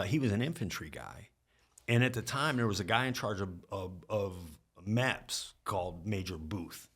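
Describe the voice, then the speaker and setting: A middle-aged man with a low, deep voice tells stories in a relaxed podcast chat. He talks casually and slips into the voices of the people he is quoting. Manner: animated storyteller acting out quotes. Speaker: podcast guest. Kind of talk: casual storytelling.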